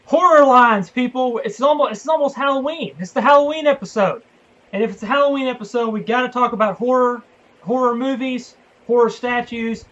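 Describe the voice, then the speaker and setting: A man's voice: very high-pitched, a bit bright. A man hosting a casual collectors' panel, giggly and laughing often between lines. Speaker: host. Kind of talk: casual chat. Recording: dull lo-fi sound.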